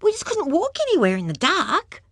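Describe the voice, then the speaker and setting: A woman's voice: animated, moderate pace, a bit bright, no echo, clean studio sound. A woman voicing a brave, indignant young girl calling for help in a storm. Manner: high urgent cries.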